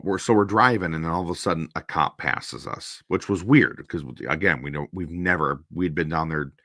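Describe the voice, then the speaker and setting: A man's voice: low-pitched, no echo, studio quality. A man from Minnesota telling a long, rambling anecdote on his stream, stopping to act out the people in it. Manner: rambling, animated anecdote with quoted voices. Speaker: host. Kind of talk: casual storytelling on a stream.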